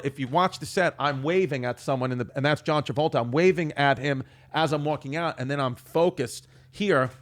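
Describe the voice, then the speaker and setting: A man from Queens, a comedian guest telling a story in an animated, self-mocking way. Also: fairly high pitch. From New York, Queens. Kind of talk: storytelling on a talk show.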